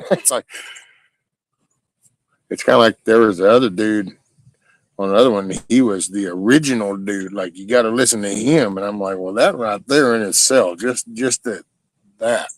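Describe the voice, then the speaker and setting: A man's voice: lowish voice, dry recording, rough recording. A man hosting a livestream, rambling in casual chat with his viewers, swearing often and stopping and restarting his sentences. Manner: rambling, profane, halting with restarts. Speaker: livestream host.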